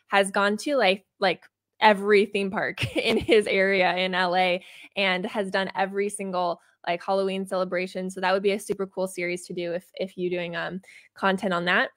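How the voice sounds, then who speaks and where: A woman's voice: medium pitch, no echo, studio quality. A woman co-hosting a livestream, chatting bubbly and casually while reading viewer comments aloud. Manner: bubbly, reads out chat comments with many "um"s. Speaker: livestream co-host.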